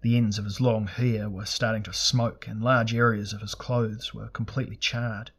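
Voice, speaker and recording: A man narrating a fantasy audiobook in a steady, measured, dramatic reading. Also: fairly low pitch, slightly rough.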